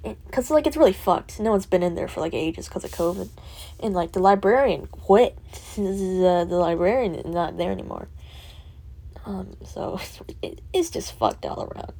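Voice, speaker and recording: A teenage student vlogger rambles through a personal vent, laughing often, swearing and leaning on fillers, sometimes sinking to a soft whisper. Her medium-pitched voice has lively intonation and vocal fry at a moderate pace, with slight background noise.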